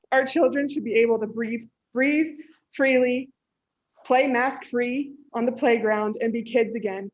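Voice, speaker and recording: A woman's voice: on the high side, steady tone, moderate pace, darkish tone. A woman, a mother and educator, reading an earnest prepared statement during public comment at a school board meeting. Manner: earnest, pleading. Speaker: parent speaking at public comment. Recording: dull lo-fi meeting audio.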